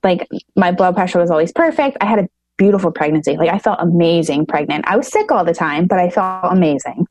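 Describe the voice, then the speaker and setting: A woman's voice: lowish voice, animated, darkish tone, no echo. Young woman, podcast guest, casual storytelling, emotional, lots of fillers, dry close sound. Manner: emotional, fast, filler-heavy retelling.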